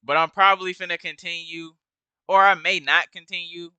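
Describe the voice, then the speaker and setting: Bright crisp-voiced guy rambling casually to his viewers, slangy, lots of ums. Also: high voice, level tone, moderate pace, no echo, lo-fi sound. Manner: rambling, slangy, hesitant fillers. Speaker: gamer. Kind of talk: casual let's-play chat.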